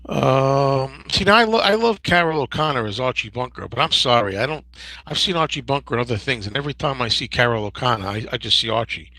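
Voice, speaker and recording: A man in his fifties hosting a casual livestream Q&A, rambling and digressive with many restarts and a gravelly, husky voice. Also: medium pitch, fast, bright, forceful tone, dry recording, low-quality recording. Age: 50s. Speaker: host.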